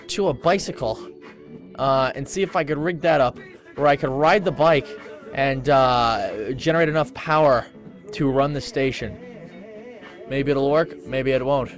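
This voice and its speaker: A man hosting a casual internet radio show from home on a webcam, reading posts aloud with rambling asides and plenty of fillers. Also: mid-range voice. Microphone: webcam microphone.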